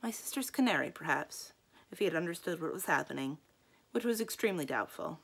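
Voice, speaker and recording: A woman reading a storybook aloud, voicing a gaunt, stern old governess with a deep, gruff, dry deadpan manner. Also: a little fast, full character voice.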